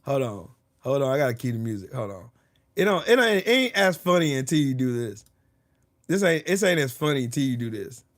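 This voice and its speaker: A man's voice: medium pitch, very animated, a little fast, no echo, studio quality. Crude, joking man streaming live. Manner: crude, joking, swears a lot. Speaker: livestream host. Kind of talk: casual live-stream chat.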